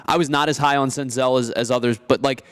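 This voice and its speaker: A man co-hosting a casual sports talk show, explaining his views in a measured way with repeated starts. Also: medium pitch, steady tone, smooth. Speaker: sports analyst co-host.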